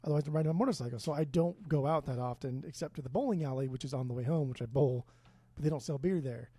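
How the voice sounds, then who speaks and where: Male co-host, husky and mellow, laid-back teasing, dry close sound. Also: medium pitch, fast talker, no room sound. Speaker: podcast co-host. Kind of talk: casual podcast chat. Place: remote, own room.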